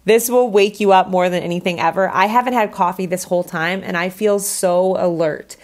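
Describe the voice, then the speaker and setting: A woman's voice: lowish voice, normal speed, darkish tone. A woman hosting her own podcast, talking casually and candidly, with lots of "like" fillers. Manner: chatty, candid, says "like" a lot. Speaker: podcast host.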